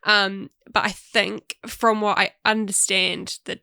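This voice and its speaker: A woman's voice: medium pitch, level tone, takes it slowly, vocal fry, pushed and bright, clean tone, no room sound, studio quality. A woman co-hosting a podcast in casual chat, laughing often and hedging her opinions. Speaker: podcast co-host.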